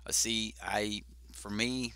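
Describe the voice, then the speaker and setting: A man's voice: on the low side, fairly even intonation, slow, gravelly, bright, forceful tone, clean tone, no echo. A man hosting a card game stream, chatting casually and thinking aloud with fillers as he plays. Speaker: host.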